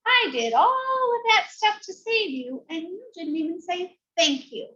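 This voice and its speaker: A woman's voice: extremely high pitch, animated, unhurried, sharp tone, highs cut off, voice pushed up, full character voice. A woman voicing a clever, bold young princess in a storybook read-aloud, speaking firmly and plainly. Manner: firm, plain-spoken.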